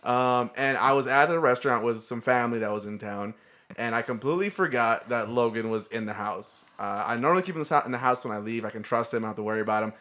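A man's voice: medium pitch, fast, bright, forceful tone. A man co-hosting a podcast, telling a side story in a laid-back way and breaking into laughs. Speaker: podcast co-host. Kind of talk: casual storytelling chat. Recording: crowd noise in background.

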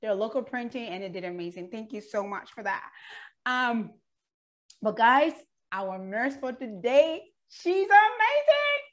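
A woman's voice: fairly high pitch, measured pace. A woman hosting an online show, talking in an upbeat, enthusiastic way and laughing often. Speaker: show host. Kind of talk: casual chat.

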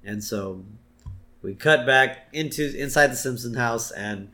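A man's voice: measured pace, pushed and bright. A man co-hosting a podcast, casually retelling scenes of a cartoon episode. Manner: retells scenes, puts on high character voices briefly. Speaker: podcast co-host. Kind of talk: casual episode recap chat.

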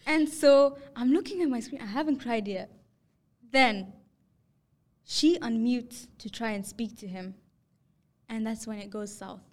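Young woman, podcast host, higher voice, animated storyteller who acts out quotes. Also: unhurried, long pauses. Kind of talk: casual storytelling chat.

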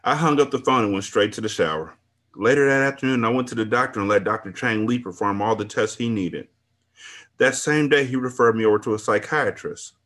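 A man's voice: fairly low pitch, fairly quick, a bit bright, voice pushed down, lightly acted. A man reading a book aloud as its first-person narrator, an older woman looking back on her life with relief and regret.

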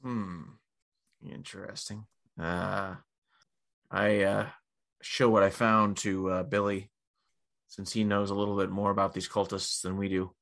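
A man playing a tabletop game over a call, easygoing and a little hesitant. His voice is low and gravelly with lots of fry. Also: level tone, unhurried, long pauses, a bit bright. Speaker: player.

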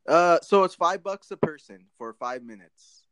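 A man's voice: a little high, lively intonation, normal speed, fairly bright tone, clean tone, no echo. A man co-hosting a podcast, telling casual stories full of swearing and "dude". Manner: profane, laid-back storytelling with lots of "dude". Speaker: podcast co-host.

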